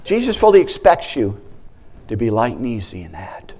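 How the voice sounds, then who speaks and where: A man preaching a sermon as a guest speaker, animated, breaking into shouted praises and acting out the voices in his stories. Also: lowish voice, normal speed, vocal fry.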